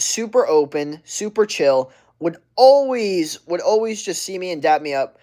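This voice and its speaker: A man's voice: on the high side, animated, a little slow, darkish tone. A young adult man livestreaming, telling a rambling, profane story with constant "like" fillers. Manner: rambling and profane, heavy use of "like".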